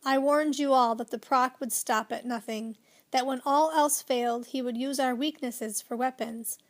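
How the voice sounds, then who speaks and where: A woman voicing a fussy, excitable elderly male professor who speaks loudly and urgently in a children's storybook reading. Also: sits high, normal speed, close to an everyday voice. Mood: warning. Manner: loud and urgent, easily flustered.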